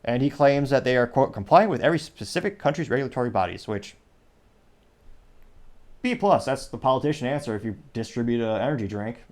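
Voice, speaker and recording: A man's voice: medium pitch, animated, fairly quick, darkish tone. A man from the United States hosting a casual commentary show with sarcastic, joking asides. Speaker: host.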